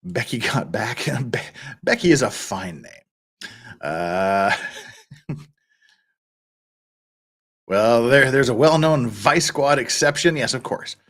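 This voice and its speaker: A man's voice: mid-range voice, takes it slowly, pauses often, fairly bright tone, husky. A middle-aged man hosting a live stream, chatting casually, reading out viewer comments and laughing often. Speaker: livestream host.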